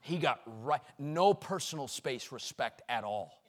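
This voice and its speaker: A middle-aged male preacher delivering a sermon, shouting rhythmic repeated lines and dropping to quiet storytelling. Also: mid-range voice, animated, unhurried, noisy background. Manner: swings between shouted exclamations and quiet storytelling; repetitive, rhythmic preaching cadence.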